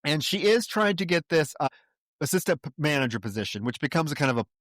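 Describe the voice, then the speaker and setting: A man's voice: a little high, quick pace, dry recording, studio quality. A man co-hosting a movie podcast, casually and animatedly retelling scenes. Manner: animated retelling, slips into acted quotes. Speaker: podcast co-host. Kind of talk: casual movie review chat.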